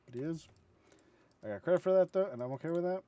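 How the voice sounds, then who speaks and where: A man's voice: on the high side, expressive, fast talker, mellow, dry recording. A man casually commenting on his gameplay, joking, humming and mumbling to himself. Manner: goofy, hums and sings to himself, mumbles. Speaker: gaming streamer.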